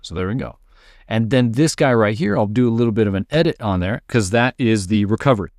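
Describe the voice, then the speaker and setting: A man's voice: lowish voice, lively intonation, a little fast, a little mellow, no echo, clean studio sound. A man teaching music production in a casual screen-share tutorial, explaining as he works and checking in with "right?" and "all right".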